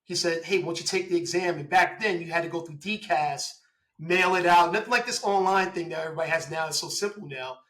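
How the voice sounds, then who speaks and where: Bright, animated man telling his story. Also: fairly high pitch, fast, low-quality recording. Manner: animated, laughing, acts out quoted dialogue. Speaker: guest, police officer. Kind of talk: casual storytelling interview.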